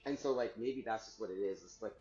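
A man's voice: lowish voice, quick pace, dark tone. A man rambling in a casual monologue, full of filler words and frequent giggles. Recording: roomy, dull sound with faint music.

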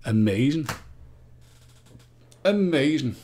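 A man's voice: medium pitch, normal speed, darkish tone. A man hosting a live-stream quiz, chatting playfully and joking with the viewers. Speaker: livestream quiz host.

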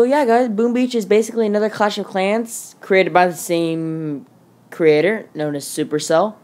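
A woman narrates her mobile gameplay in a casual, rambling way, filling gaps with "like" and "um". Her voice sits fairly low for a woman. She hurries along as she flips between screens. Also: a little mellow. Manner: rambling, casual, quick with fillers. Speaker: gaming channel host. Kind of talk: gameplay commentary.

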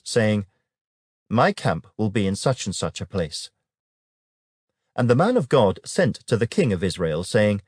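A man with a fairly low voice gives a measured, solemn scripture reading. The sound is close and dry, with no room around it. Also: no room sound. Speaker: Bible reader.

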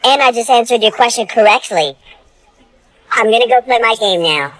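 Woman, comedy skit, slangy casual talk, fairly high voice, dry sound. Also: animated, moderate pace, a bit bright, no room sound, a faint crowd. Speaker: skit performer.

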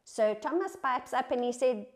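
A woman's voice: sits high, animated, moderate pace. Woman preaching an earnest, conversational sermon. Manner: earnest, with rhetorical questions; conversational and reflective.

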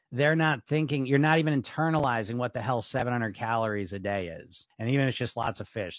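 Casting: man, mid pitch, blunt skeptical livestream host, casual swearing, dry close-mic sound. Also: dry recording. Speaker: weight loss coach on a livestream. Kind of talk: casual livestream commentary reading comments.

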